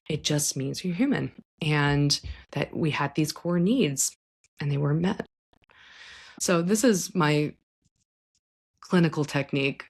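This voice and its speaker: A low-pitched woman therapist speaks in a gentle, reflective way as she hosts a podcast. She explains a clinical idea to her listeners, now and then slipping into the voices of clients or parents to illustrate it. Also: vocal fry. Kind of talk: conversational psychology talk.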